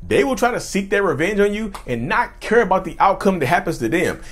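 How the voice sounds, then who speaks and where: Animated man talking to his viewers. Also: high voice, fairly quick, breathy edge. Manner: animated, repeats and restarts phrases, addresses viewers directly. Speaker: mental health commentator. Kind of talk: casual talk to camera.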